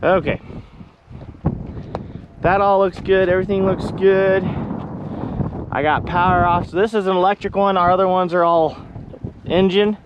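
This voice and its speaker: High-voiced farmer in windy field. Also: male voice, moderate pace, long pauses, highs cut off. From Kansas. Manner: relaxed, talks to viewers while walking a field. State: out of breath with hiccups. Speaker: farmer vlogger. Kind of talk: casual vlog narration while working. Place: outdoors on a windy farm field. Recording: wind noise on the mic.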